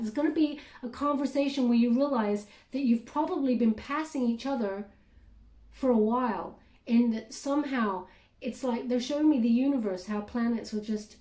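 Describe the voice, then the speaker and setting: Tarot reader, woman, slightly high and mellow, halting think-aloud delivery, roomy echo. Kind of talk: casual spoken tarot reading.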